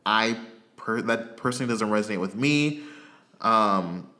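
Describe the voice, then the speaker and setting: Bright-voiced man giving blunt opinions. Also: fairly low pitch, expressive, measured pace. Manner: frank, hesitant restarts, blunt verdicts. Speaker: podcast co-host. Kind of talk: casual chat reviewing a reality show.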